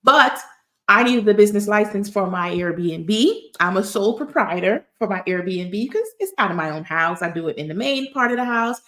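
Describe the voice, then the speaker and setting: A woman's voice: medium pitch, lively intonation, normal speed, pushed and bright. Chatty, emphatic woman. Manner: chatty, emphatic, storytelling with asides. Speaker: tax resolution expert. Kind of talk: casual advice talk to camera.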